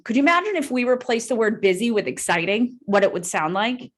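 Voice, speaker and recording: A woman's voice: fairly high pitch, animated, normal speed, few pauses. A woman leading a live real estate training call, upbeat and peppering the group with "right?" as she talks.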